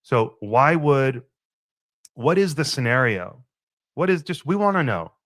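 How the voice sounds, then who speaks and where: A man's voice: mid-range voice, very animated, unhurried, a bit bright, no room sound. A man hosting his own podcast, musing and rambling in a casual solo monologue and swearing freely. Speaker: podcast host.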